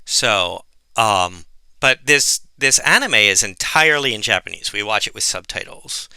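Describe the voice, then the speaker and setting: A man co-hosting a podcast in casual chat, animated and laughing as he tells stories. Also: fairly low pitch, unhurried, gravelly, smooth, dry recording. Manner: mimics voices in quoted anecdotes. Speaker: podcast co-host.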